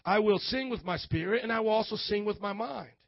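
A man preaching a lively, playful sermon as a pastor, dropping in frequent amens. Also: sits high, a little fast, gravelly, no echo, dull audio.

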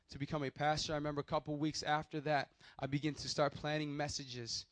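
A man preaching his testimony in a lively, storytelling sermon style, often calling out to his listeners. His voice sits a little high for a man. The sound is dry and close, with no room echo. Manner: animated storytelling, calls out "Hello?" to the listeners. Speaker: youth pastor.

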